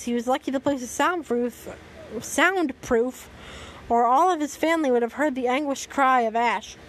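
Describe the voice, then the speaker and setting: A woman's voice: sits high, moderate pace, slight background noise, poor audio. A woman reading a story aloud as host, breaking off for dry, sarcastic commentary.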